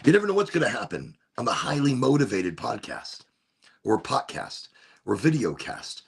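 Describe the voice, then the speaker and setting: A man with a rough, gravelly and very husky voice hosts his podcast from a room at home. He talks in a loose, rambling way. His pitch swings widely from low to high, and he keeps cutting himself off and restarting sentences. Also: wildly swooping pitch, normal speed. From Florida. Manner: rambling, self-interrupting, laid-back. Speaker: podcast host. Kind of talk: casual solo chat. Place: home room with window cracked.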